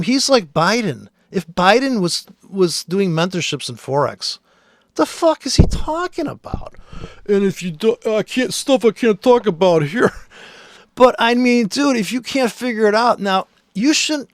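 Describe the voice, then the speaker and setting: Profane ranting man, high-pitched and dry. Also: very animated, unhurried, no echo. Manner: blunt, profane, exasperated ranting. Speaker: trader. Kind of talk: screen-share chart commentary.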